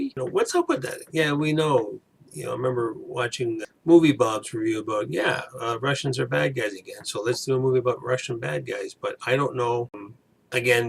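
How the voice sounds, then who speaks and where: A man's voice: lowish voice, fairly bright tone, slight background noise. A man in his fifties giving a casual, rambling movie review, drifting off on tangents and correcting himself. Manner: rambling, digressive, self-correcting.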